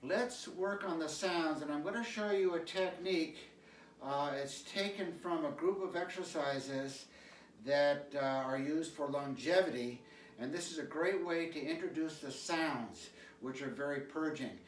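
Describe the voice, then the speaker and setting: A man teaching qigong, calmly cueing stretches and breathing sounds with repeated prompts. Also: fairly high pitch, measured pace, slight background noise. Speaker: qigong instructor. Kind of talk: guided exercise instruction. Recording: echoey room, mic at a distance.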